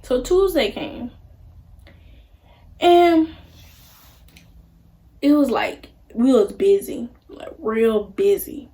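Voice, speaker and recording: A woman's voice: fairly high pitch, lively intonation, drawn-out words, long pauses, mellow. A young woman telling a story on her vlog in a casual, chatty way, acting out the people she quotes. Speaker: vlogger.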